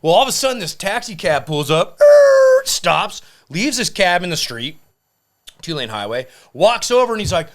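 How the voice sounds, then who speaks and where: A man on a podcast telling a profane, animated story and acting out the people in it. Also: high voice, moderate pace. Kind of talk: casual storytelling.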